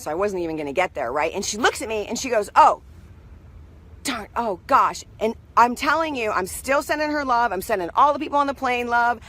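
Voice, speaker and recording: A woman telling a story in a casual spiritual pep talk, animated and constantly checking in with the listener. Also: medium pitch. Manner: animated, keeps asking "right?". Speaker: motivational speaker.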